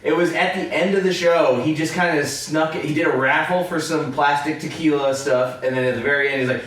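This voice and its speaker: A man's voice: on the high side, fairly even intonation, a little fast, a bit bright, very echoey, distant mic. A man co-hosting a comedy podcast, joking around and slipping into mock accents. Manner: jokey, drops into mock accents. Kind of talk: casual chat.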